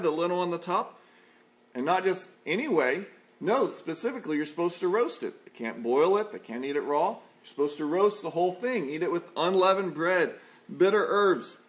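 A man preaching a sermon, reading scripture aloud and then explaining it in a folksy, conversational way. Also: high voice.

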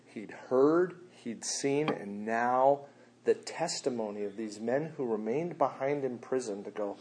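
A man preaching a sermon in a loose, slangy way, swinging between quiet asides and loud, animated bursts. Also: medium pitch, unhurried.

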